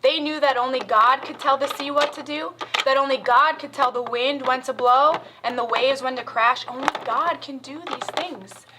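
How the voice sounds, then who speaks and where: A woman leading a children's Bible lesson and prayer, explaining things gently and simply to young kids. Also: high voice, steady tone, moderate pace, few pauses, noisy background. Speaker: children's church teacher.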